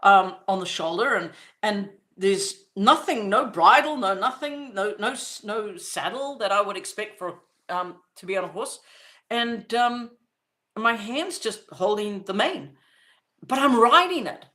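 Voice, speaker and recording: A woman hosting a podcast, telling a personal experience earnestly, recalling as she goes with halting restarts and acting out quoted voices. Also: mid-range voice, lively intonation, bright, forceful tone. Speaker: podcast host. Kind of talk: personal storytelling.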